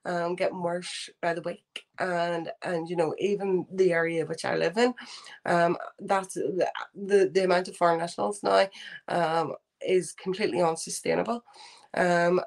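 A woman with a Belfast accent answers interview questions in a somewhat low voice. She is earnest and halting, with frequent ums and restarts as she builds her point. She sounds middle-aged and speaks with steady conviction. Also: gravelly. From Northern Ireland. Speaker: guest. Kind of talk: remote interview.

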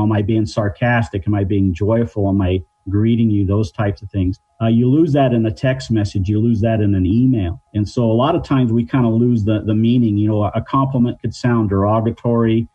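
A middle-aged man, a crisis negotiation trainer, giving measured interview answers and explaining his points with everyday examples. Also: on the low side, fairly even intonation, mellow, slightly rough. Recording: dull lo-fi line.

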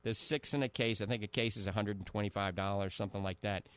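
A man hosting a radio health show, pitching products and repeating prices and names. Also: fairly even intonation, quick pace, fairly bright tone, smooth, no echo.

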